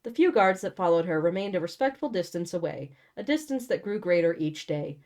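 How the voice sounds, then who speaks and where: A woman's voice: fairly low pitch, expressive, brisk, darkish tone. Sarcastic young woman reading a novel aloud. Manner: sarcastic, blunt, swears casually. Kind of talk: book reading with sarcastic commentary.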